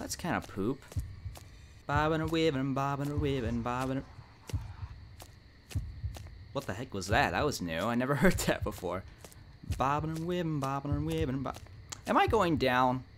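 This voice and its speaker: A man's voice: medium pitch, a bit bright, a little hiss or hum. Jumpy young man narrating a horror game. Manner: jumpy, talks to the monster, nervous laughs and yelps. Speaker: gaming channel host. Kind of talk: horror game let's play commentary.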